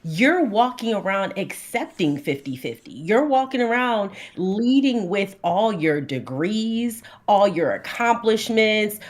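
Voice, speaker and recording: Woman, relationship coach, blunt and emphatic podcast guest, middle pitch. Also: big pitch swings, slow, darkish tone.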